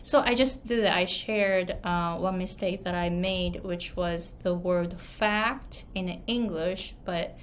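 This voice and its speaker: Her voice lowish and her pace slow with hardly any pauses, a Japanese-accented online business and pronunciation coach tells stories to the camera as advice. She's chatty, using frequent fillers and tag questions, and slight background noise can be heard.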